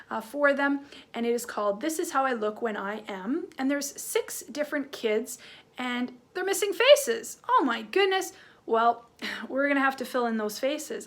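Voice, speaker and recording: A woman teacher giving an online lesson to young children, acting out faces and sounds, with many "right?" and "um" fillers. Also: fairly high pitch. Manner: animated, acts out facial expressions with sounds.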